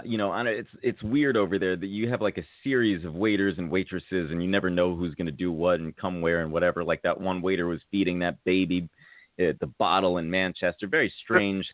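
A man's voice: sits low, dry recording. An American man, a podcast host, telling a rambling, casual story with many fillers. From United States. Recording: tinny phone-like sound.

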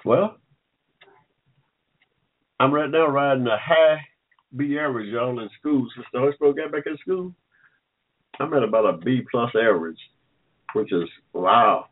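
A man's voice: mid-range voice, lively intonation, a little slow, pauses often. An older man hosting an online talk show, chatting casually and joking with listeners, rambling and repeating himself. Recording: phone-like line.

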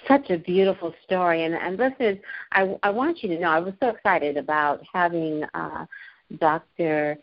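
A woman hosting a talk show, enthusiastic and a little halting as she speaks to her guest and listeners. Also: on the low side. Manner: enthusiastic, with hesitant restarts. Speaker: radio show host. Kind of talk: interview. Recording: dull lo-fi audio.

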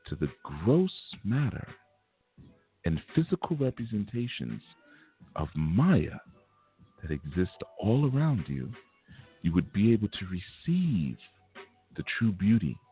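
A floaty, sing-song spiritual guru, as a man mocks him drifts up well above his usual pitch and stretches every phrase out slowly and dreamily. The sound is thin and tinny like a phone line, with faint music underneath. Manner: slow, drawn-out, sing-song delivery. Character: dreamy, soft-spoken male spiritual guru, serene and airy.

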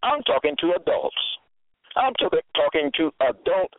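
A man's voice: on the high side, very animated, moderate pace, no echo. A man preaching a sermon, exhorting and scolding his listeners and repeating his phrases. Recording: tinny phone-like, dry sound.

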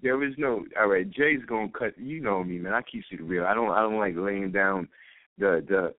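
A man's voice: lowish voice, normal speed, dry recording. A man calling in to an internet radio show, talking in a profane, rambling, heated rant. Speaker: caller. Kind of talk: call-in radio talk. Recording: dry tinny phone line.

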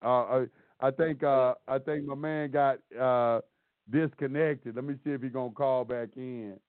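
Animated man on a tinny phone line. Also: mid-range voice, a little slow, clean tone, no room sound. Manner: animated, acts out both sides of dialogue. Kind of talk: casual storytelling on a call-in show. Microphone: phone call.

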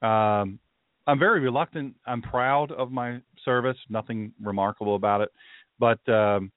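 A man's voice: medium pitch, moderate pace, dry recording. A man hosting a faith and politics show as a pastor, talking in a rambling monologue full of asides. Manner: rambling, with conversational asides and restarts. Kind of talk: casual podcast monologue. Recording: dry, phone-like narrow sound.

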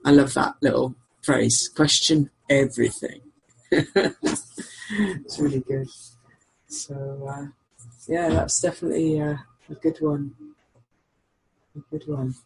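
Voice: mid-range voice, takes it slowly, vocal fry, pauses often, a little mellow, husky, low-quality recording. A co-host chatting casually from home in an easygoing, rambling way with frequent chuckles. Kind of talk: casual call-in chat. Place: home with dogs nearby.

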